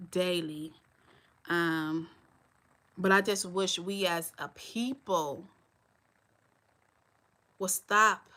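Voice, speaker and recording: A woman's voice: mid-range voice, sharp tone. A woman in her forties hosting a live stream, talking bluntly and straight to her viewers. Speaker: channel host.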